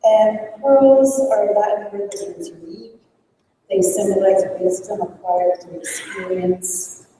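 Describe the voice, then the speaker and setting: A woman's voice: mid-range voice, steady tone, measured pace, dark tone, recorded from a distance, slight background noise. Woman thanking her team in an echoey hall. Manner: upbeat, reads off names and thank-yous. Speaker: outgoing leader of a librarians' network. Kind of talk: thanks and announcements at a conference breakfast. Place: large conference hall.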